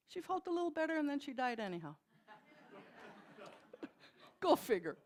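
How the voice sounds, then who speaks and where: A woman's voice: high-pitched, big pitch swings, moderate pace, long pauses. An older woman minister from Milwaukee giving a sermon in a folksy, storytelling way with wry humor, in a church. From Milwaukee, USA.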